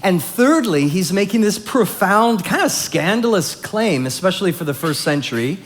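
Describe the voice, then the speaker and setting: A man's voice: sits high, animated, moderate pace. A male pastor preaching a sermon, explaining scripture in a conversational way and building emphasis on key points.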